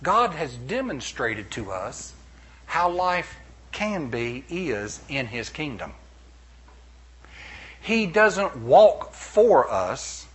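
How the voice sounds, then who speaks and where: A middle-aged man preaching a sermon as pastor, animated, with playful asides and acted-out quotes. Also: on the high side, slightly rough.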